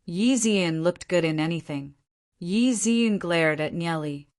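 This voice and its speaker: Woman narrating an audiobook in a lowish voice. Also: a little slow, a little mellow.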